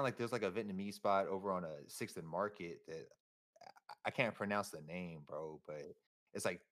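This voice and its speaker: A man's voice: lowish voice, fairly bright tone. A young man from San Francisco, a podcast guest talking in casual, slangy, profane chat that rambles along with laughs.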